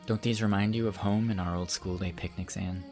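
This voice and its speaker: A young man playing a devoted, sincere suitor in an audiobook, speaking quietly and with restraint. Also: low voice, steady tone, a little fast, faint music behind, lightly acted. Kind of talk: audiobook character reading.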